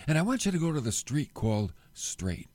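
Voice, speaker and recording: A middle-aged man preaching a sermon, telling the story with animated delivery and acting out the quoted lines. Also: fairly high pitch, a little fast, dry recording. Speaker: pastor.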